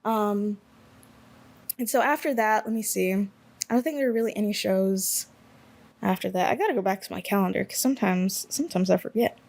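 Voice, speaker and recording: A woman's voice: medium pitch, quick pace, gravelly, darkish tone. A young woman from Alabama hosting a casual solo podcast, talking in a rambling, chatty way and often correcting herself mid-sentence. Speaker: podcast host.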